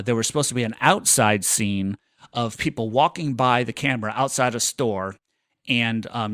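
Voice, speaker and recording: A man co-hosting a casual podcast, spinning a long self-mocking story with animated bursts. His voice sits at an ordinary middle pitch and is recorded dry and close, with no room echo. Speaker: podcast co-host.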